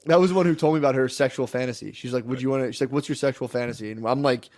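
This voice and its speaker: A man co-hosting a podcast, telling rambling, fast anecdotes full of quoted asides in casual chat. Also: medium pitch, a little mellow. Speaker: podcast co-host. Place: podcast studio.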